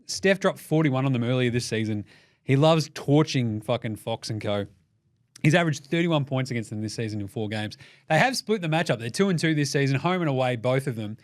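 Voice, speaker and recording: A man with an Australian accent hosting a solo sports podcast, talking in a swearing, animated, jokey way. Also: mid-range voice, fairly quick. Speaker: podcast host.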